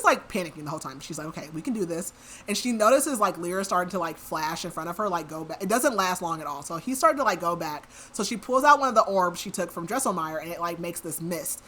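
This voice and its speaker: A woman's voice: on the low side, bright, forceful tone. A woman hosting a podcast, retelling a book's plot in a casual, chatty way full of fillers. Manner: chatty, filler-heavy retelling with many likes. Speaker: podcast host. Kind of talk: casual book recap.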